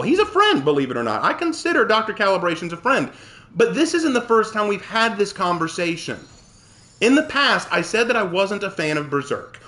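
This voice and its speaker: A male streamer rants at his chat while he plays, heated and indignant. His voice sits high and leaps around in pitch as he pushes back at viewers by name. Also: pushed and bright. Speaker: streamer and writer. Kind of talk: live-stream rant to chat while gaming.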